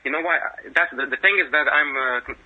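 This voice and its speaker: A man's voice: fairly high pitch, fast. Nervous young Russian-accented man on a phone line. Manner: hesitant, nervous. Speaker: caller.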